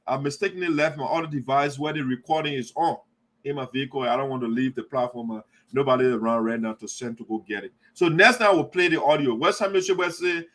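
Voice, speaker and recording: A man's voice: a little high, fairly bright tone. A man hosting a live online talk show, arguing passionately with callers and repeating his points. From Liberia. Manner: impassioned, repetitive, argumentative. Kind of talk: live call-in commentary.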